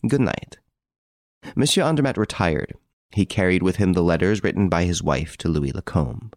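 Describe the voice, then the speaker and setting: A man narrating a classic detective story in a measured storytelling manner. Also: sits low, lively intonation, gravelly, darkish tone, no room sound, studio quality. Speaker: audiobook narrator. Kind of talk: scripted narration.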